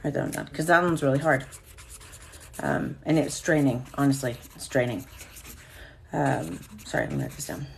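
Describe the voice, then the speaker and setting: A woman's voice: extremely low pitch, very animated, normal speed, gravelly, pauses often, a little hiss or hum. A woman hosting a casual live stream, talking candidly and swearing freely as she reacts to viewer comments.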